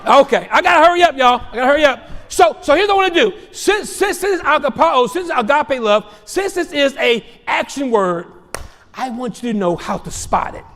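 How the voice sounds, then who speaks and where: A male pastor preaching a sermon to his congregation, repeating phrases, shouting out points and joking with the crowd. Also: very high voice, lively intonation, fairly quick, in a large hall. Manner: preaching with shouts, repetitions and humor. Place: church sanctuary.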